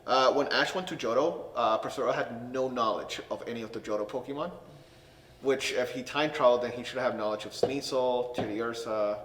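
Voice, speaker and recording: A man who is a guest on a podcast, telling a school story in a relaxed, rambling way. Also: medium pitch, a little fast, roomy sound, in a large hall, recorded from a distance, a little hiss or hum, low-quality recording. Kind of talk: casual storytelling.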